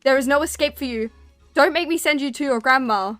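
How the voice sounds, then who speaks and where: A woman's voice: sits high, a little fast, a bit bright, no room sound, soft background music, pitched above the performer's own voice. Woman putting on a screeching menacing creature. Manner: screeching, threatening.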